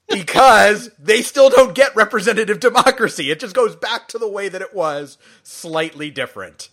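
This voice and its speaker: A man hosting a podcast in casual chat, animated and acting out characters' lines. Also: high-pitched, normal speed. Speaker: podcast host.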